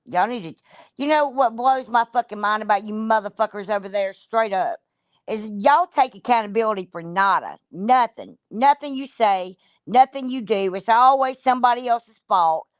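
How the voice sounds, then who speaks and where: A woman ranting on a livestream, blunt and profane, cursing freely as she calls people out. Her voice sits a little high, and the sound is dry and close with no room echo. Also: lively intonation, normal speed. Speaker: streamer.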